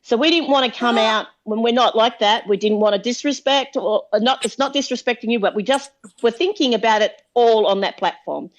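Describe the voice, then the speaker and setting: Chatty woman, lively and joking. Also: a little high, a little fast. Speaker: livestream guest. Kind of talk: casual livestream banter. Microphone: phone on a livestream.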